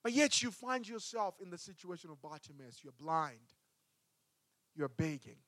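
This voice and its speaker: High-voiced man preaching a sermon. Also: big pitch swings, moderate pace, no room sound. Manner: emphatic preaching, swings between loud and hushed. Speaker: pastor.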